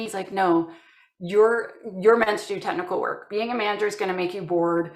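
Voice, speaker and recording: Animated Canadian woman in an echoey room. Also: medium pitch, fairly quick. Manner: animated storytelling, acting out quoted voices. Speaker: guest. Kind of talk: casual interview chat.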